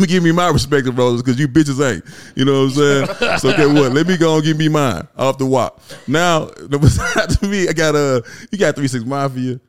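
A middle-aged Memphis man with a Southern accent, a guest rapper and producer, chats casually in an interview. His mid-range voice moves at a moderate pace with few pauses, and he rambles with lots of "you know what I'm saying."

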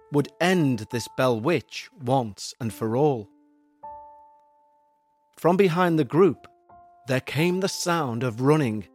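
A man tells a ghost story in a slightly high voice, with measured, suspenseful pacing. Quiet music plays softly beneath his narration. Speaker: podcast narrator. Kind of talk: scripted horror storytelling.

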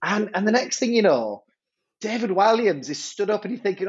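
A head teacher, telling a story in a podcast interview, animated and stumbling over repeated words. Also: male voice, sits high, brisk, breathy edge, highs cut off.

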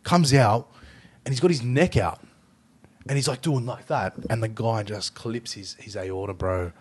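A man's voice: medium pitch, normal speed, breathy edge. An Australian man hosting a casual podcast chat, swearing freely and acting out the voices in his stories. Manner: sweary, animated storyteller acting out quoted voices. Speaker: podcast host.

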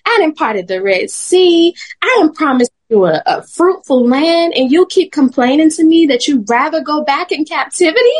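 A woman voicing an exasperated, high-pitched God. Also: expressive, moderate pace, hardly any pauses. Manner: emphatic, colloquial. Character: exasperated God scolding complaining Israelites.

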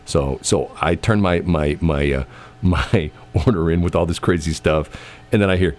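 In a casual chat, a man with a rumbling low voice tells a story at a moderate pace. He's animated, acting out the people in it and laughing often.

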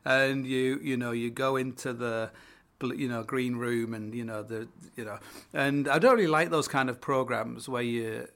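Northern English bloke, gravelly, rambling host full of ums and swearing. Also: male voice, mid-range voice, steady tone, normal speed, a bit bright. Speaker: podcast host. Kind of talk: casual storytelling.

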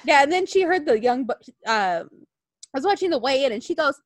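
Animated high-voiced woman, lively chat. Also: no room sound. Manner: animated, quick, profane storytelling with impressions. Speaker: podcast co-host. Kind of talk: casual chat.

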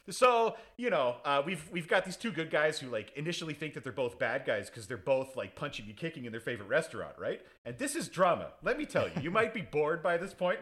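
A man riffing through a movie recap with sarcastic asides and casual swearing. His voice rises and falls in lively swings, and he wanders off on tangents. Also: medium pitch. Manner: rambling, sarcastic, swears freely. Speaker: podcast co-host playing defense lawyer.

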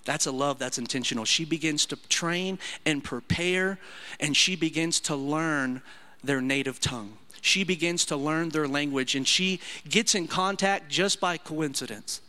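Bright-voiced earnest male preacher. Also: a little slow. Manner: emotional, earnest preaching with rising pitch on quotes. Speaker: pastor. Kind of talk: sermon. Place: church sanctuary.

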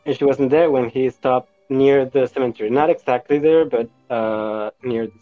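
A man telling a story in a halting, hesitant way with many pauses. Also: mid-range voice, steady tone, no room sound, faint music behind. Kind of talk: casual storytelling. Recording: tinny phone-like line.

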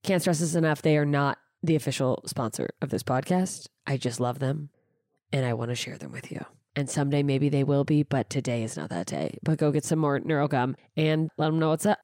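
A woman's voice: deep voice, a little fast, warm tone, dry recording. Woman, podcast host, casual rambling chat, self-deprecating, swears a lot, dry close sound. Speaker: podcast host and stand-up comedian. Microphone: studio microphone.

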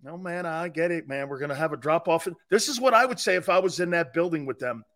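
A man's voice: fairly high pitch, lively intonation, fast, fairly bright tone. A man hosting a live football talk show, blunt and mocking. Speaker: sports talk show host. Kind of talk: live sports radio talk.

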